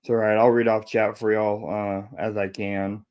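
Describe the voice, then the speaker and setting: A man's voice: on the low side, little pitch movement, moderate pace, clear, resonant tone, highs cut off. A man hosting a casual livestream, easygoing as he reads out viewer names. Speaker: stream host.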